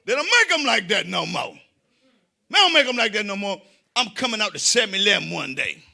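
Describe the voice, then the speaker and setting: Male stand-up comic: bright, piercing tone, high voice that swoops all over, plays every character in his stories and talks straight to the crowd. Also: a little fast, gravelly. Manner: animated storytelling, acts out quoted voices, shouts punchlines; addresses the audience directly. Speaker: stand-up comedian. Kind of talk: stand-up comedy routine. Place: comedy stage before a live audience.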